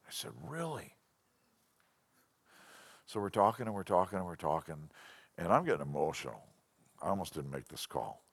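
A man with a lowish voice preaching a Bible lesson to a congregation. He tells stories with animation, circling back and repeating himself as he builds his point. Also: quick pace, vocal fry, slightly rough. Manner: animated, storytelling with frequent restarts. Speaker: Bible teacher. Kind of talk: sermon-style Bible lesson.

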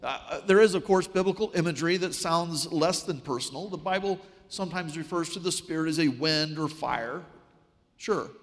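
A man preaching a sermon, telling a story with wry, animated delivery. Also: fairly high pitch, normal speed, big-room sound.

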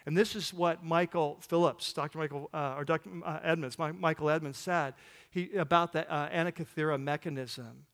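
A man preaching as pastor, telling a story in a loose, animated way with many fillers and restarts. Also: a little high, fairly quick, long reverb tail. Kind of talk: sermon storytelling.

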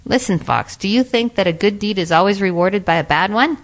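A woman's voice: mid-range voice, expressive, brisk, close to an everyday voice. Brief: a woman playing an earnest storybook peasant, pleading tone. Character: pleading male peasant farmer.

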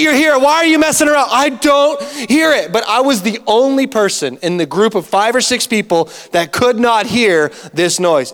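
A man preaching a sermon as a pastor, telling stories in an animated way and acting out the dialogue himself. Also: high voice, clean tone. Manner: animated storytelling with acted-out dialogue. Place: church hall. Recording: long church hall reverb.

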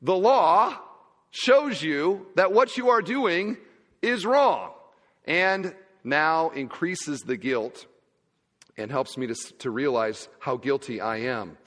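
A man preaching a sermon as pastor, emphatic and swinging between loud and quiet. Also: fairly high pitch, lively intonation, slow, long reverb tail.

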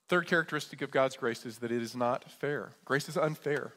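A man's voice: mid-range voice, fairly quick, hardly any pauses, fairly bright tone. Pastor, male, conversational sermon delivery, mid-range voice, reverberant sanctuary. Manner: conversational preaching, often asks "right?". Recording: long church reverb.

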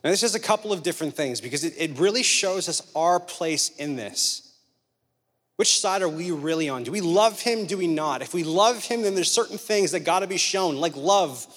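Male preacher, fairly high voice, chatty sermon full of rhetorical questions and funny stories, long reverb from a big hall. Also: animated, moderate pace, fairly bright tone. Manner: conversational, rhetorical questions, humorous storytelling.

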